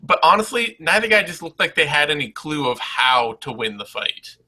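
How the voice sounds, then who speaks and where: A man's voice: fairly high pitch, very animated, normal speed, bright, forceful tone, rough recording. A man co-hosting a casual post-fight chat, blunt and emphatic, swearing freely as he breaks down the bouts. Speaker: co-host.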